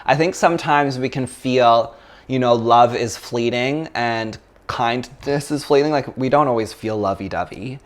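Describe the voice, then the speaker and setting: A man's voice: medium pitch, measured pace. A man from Canada, a yoga teacher giving a chatty, casual philosophy talk, full of fillers and laughs.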